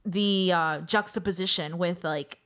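A woman's voice: on the low side, measured pace, a bit bright. A woman co-hosting a casual podcast, explaining things in a chatty way full of "like" and "um.". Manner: chatty explaining, heavy use of "like" and "um". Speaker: podcast co-host.

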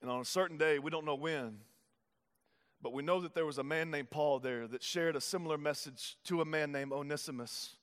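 A man, preaching a sermon as pastor, moving between hushed, intimate passages and loud, urgent ones. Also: on the high side, brisk, clear, resonant tone. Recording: hall reverb.

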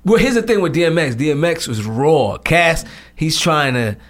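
A man talks brashly in a loose podcast chat. His voice sits a little high and moves a lot in pitch, full of joking jabs. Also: lively intonation, normal speed. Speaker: podcast co-host. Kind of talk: casual chat.

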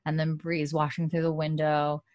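Young woman, low register, dry close sound; casual chatty recap host, lots of "like.". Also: completely flat delivery, moderate pace, darkish tone, no echo, lo-fi sound. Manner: chatty, heavy on "like" fillers, acts out the characters' lines. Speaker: podcast host.

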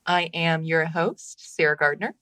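A woman's voice: deep voice, unhurried, bright, forceful tone, dry recording. A woman hosting a podcast in a casual chat, supportive and laughing easily, sometimes swearing. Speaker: podcast host.

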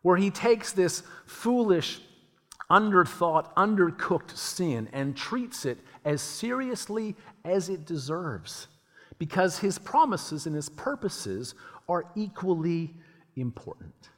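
A man preaching a sermon in a lively, conversational way, acting out the voices he quotes. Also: high-pitched, takes it slowly. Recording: long hall reverb.

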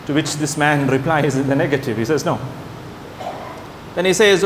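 A man preaching a sermon to his congregation, telling stories with lively delivery and acting out the people in them. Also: moderate pace, long pauses. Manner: animated storytelling, voices the characters in anecdotes. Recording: echoey hall with faint rumble.

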